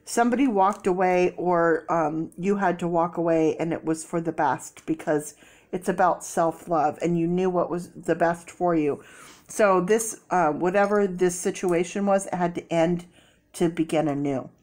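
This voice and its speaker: A woman giving a casual tarot reading, chatty with many fillers and sudden excited bursts. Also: lowish voice, moderate pace. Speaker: tarot reader.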